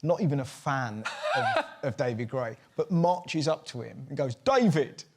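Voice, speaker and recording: Lively man telling stories with laughs. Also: medium pitch, normal speed. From England. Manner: laughs often, animated storytelling with impressions. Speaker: host. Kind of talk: casual chat.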